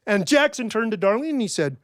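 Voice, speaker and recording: A middle-aged man telling a folk tale in a wry, folksy, animated way. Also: high voice, quick pace, no room sound, clean studio sound. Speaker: storyteller. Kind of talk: told folk-tale storytelling.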